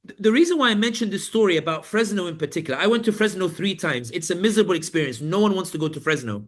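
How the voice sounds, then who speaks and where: Man, guest journalist on a live panel, animated storyteller acting out quotes, fairly high voice. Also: fast talker. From Britain. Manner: vivid storytelling, acts out guards and inmates in quotes.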